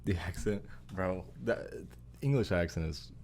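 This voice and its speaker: A man co-hosting a podcast in casual chat, excitable and swearing freely. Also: sits low, measured pace, a little hiss or hum. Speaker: podcast co-host.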